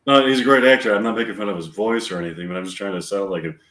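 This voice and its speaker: A man's voice: lowish voice, a bit bright. A man reading his own screenplays aloud and introducing the scenes, stopping and restarting as he goes. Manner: rambling, halting restarts. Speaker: amateur screenwriter. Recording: echoey room.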